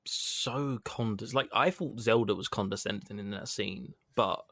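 A man co-hosting a podcast in casual chat, animated and emphatic. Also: lowish voice, a little slow, husky, no echo. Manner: animated, emphatic, laughs easily. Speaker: podcast co-host.

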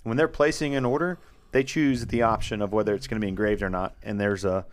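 Talking fast in a lowish, fairly even voice, this man co-hosts a podcast and walks through his woodworking process. It's a casual chat, and his explanations ramble and circle back with repeated words.

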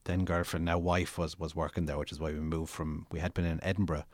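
A man's voice: sits low, level tone, fast talker. A man with an Irish accent, an author who reads his own fiction theatrically and then chats in a rambling, storytelling way. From Ireland. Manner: theatrical, dramatic reader; rambling, chatty storyteller with restarts. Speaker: author and podcast guest.

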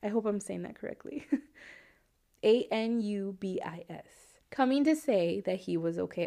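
Woman podcast host, giggly, casual, chatty with listeners, mid-pitched voice. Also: a little slow, creaky. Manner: giggly, laughs often between sentences; chatty, warm asides to listeners with fillers. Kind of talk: casual chat.

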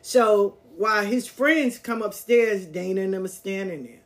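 Older woman host. Casual, animated storyteller who slips into slangy voices for the people in her story. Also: mid-range voice, measured pace. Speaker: podcast host.

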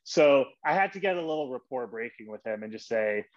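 A man hosting his own podcast, giving an energetic coaching monologue and acting out short example voices. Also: mid-range voice, a little fast, highs cut off. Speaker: podcast host.

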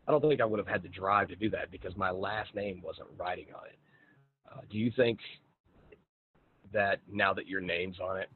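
A man hosting a podcast, talking with a guest in a relaxed, frank, friendly way. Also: sits low, moderate pace, pauses often. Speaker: podcast host. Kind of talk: casual conversational interview. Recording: tinny phone-like line with faint hiss.

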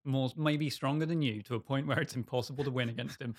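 A man hosting a podcast, pitching a game idea in a rambling, self-mocking way and laughing often. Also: quick pace. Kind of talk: casual chat.

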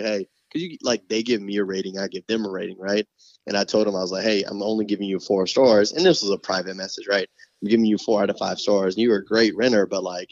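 Laid-back man, low muffled voice. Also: dry recording. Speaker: podcast host. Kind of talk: casual chat.

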